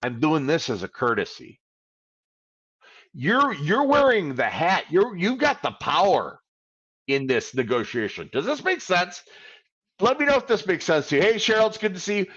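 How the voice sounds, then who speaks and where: A man's voice: sits high, big pitch swings, moderate pace, fairly bright tone, slightly rough, dull audio. A man giving a live credit repair coaching talk, animatedly acting out phone calls.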